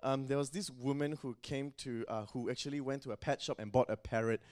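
Man preaching, chatty and informal, mid-pitched voice. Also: steady tone, fairly quick, darkish tone. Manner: conversational, frequent "you know". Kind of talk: sermon.

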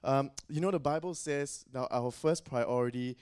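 A man's voice: mid-range voice, normal speed, darkish tone, clear, resonant tone. A man preaching a sermon in a loose, conversational way, often saying "you know.".

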